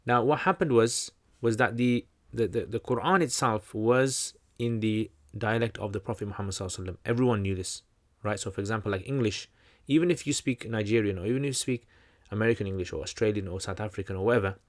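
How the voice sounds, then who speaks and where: A man with a fairly low voice hosts a livestream question-and-answer session. He explains at length in a loose, chatty teaching manner. He often circles back and restarts his sentences, with plenty of fillers along the way. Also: quick pace, few pauses. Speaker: channel host answering questions.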